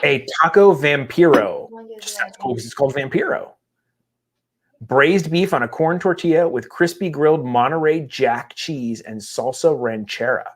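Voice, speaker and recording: A middle-aged man co-hosting a podcast in casual chat, reading menu items aloud with excitement. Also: fairly high pitch, normal speed. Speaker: podcast co-host.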